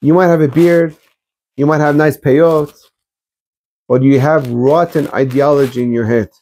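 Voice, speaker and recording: A man's voice: fairly high pitch, fairly even intonation, measured pace, a little mellow. Blunt exhorting rabbi, man. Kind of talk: sermon.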